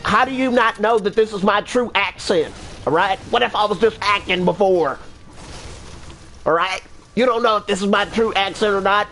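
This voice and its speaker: A man's voice: high voice, moderate pace, pushed and bright, faint music behind, low-quality recording. A young male streamer chatting over voice chat, ranting in mock indignation with repeated tags like "all right?". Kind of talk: joking voice chat while gaming.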